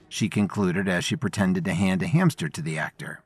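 A man narrating a story in scripted, expressive storytelling. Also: deep voice, a little fast, few pauses, slightly rough, no room sound, faint music behind.

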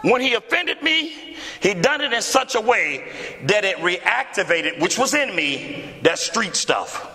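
Preacher man telling a story from the pulpit, voice leaps all over, kinda high, church echo. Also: a little slow. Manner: animated, acts out dialogue with big pitch swings. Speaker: pastor. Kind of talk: storytelling sermon. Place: church hall before a congregation. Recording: echoey church hall.

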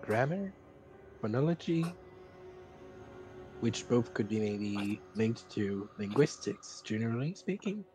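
A man's voice: mid-range voice, animated, slow pace, pauses often, a little mellow, faint music behind. A French man with a French accent, chatting at length while playing a co-op game. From France. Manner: chatty, explains at length, playful. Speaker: co-op player. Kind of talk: casual gaming chat.

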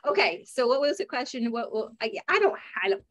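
A chatty woman co-hosting a casual call, with a voice pitched a little higher than most. She teases the others in a light, conversational way. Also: very animated. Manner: teasing, chatty, quick to laugh along. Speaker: co-host. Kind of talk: casual chat on a video call.

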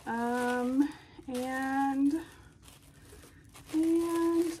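A woman hosting a casual unboxing vlog at home, gushing and excitable as she talks to her viewers. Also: high-pitched, drawn-out words, pauses often. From United States. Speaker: doll collecting channel host.

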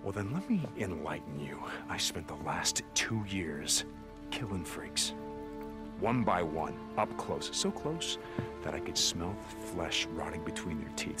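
A gruff, deep-voiced biker drifter. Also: male voice, animated, moderate pace, heavily acted. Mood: bitter. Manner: blunt, bitter. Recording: game cutscene with music behind.

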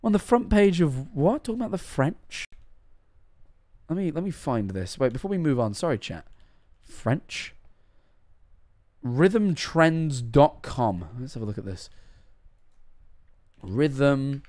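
Excitable young British man streaming. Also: on the high side. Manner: excitable, swears a lot, quick outbursts. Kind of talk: live stream reaction.

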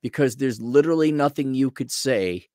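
A man with a middle-pitched voice rants bluntly and sarcastically, swearing as he goes. The sound is dry and close, with no room echo. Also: normal speed, darkish tone. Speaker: co-host. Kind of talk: casual livestream chat.

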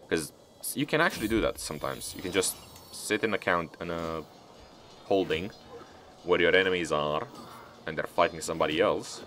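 Deep-voiced man swearing at a strategy game. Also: moderate pace, a bit bright, faint music behind. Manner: profane, talks back at the game. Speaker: video game let's-player. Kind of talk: casual gameplay commentary.

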